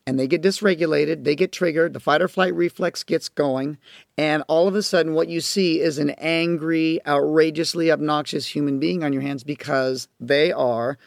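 A man's voice: fairly high pitch, steady tone, moderate pace, vocal fry, dry recording, clean studio sound. A man teaching parents in a recorded lecture, explaining in an earnest, emphatic way. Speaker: parenting educator and counselor.

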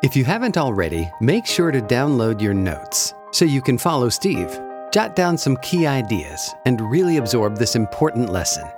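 An announcer giving a slow, measured scripted introduction to a lesson. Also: medium pitch, sing-song, music in the background.

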